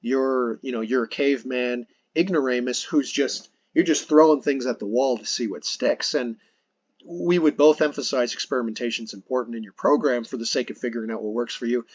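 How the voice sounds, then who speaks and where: A man's voice: mid-range voice, fairly quick, dry recording, dull audio. A man hosting a podcast, earnestly explaining his points in casual conversation, restarting phrases as he goes. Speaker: podcast host.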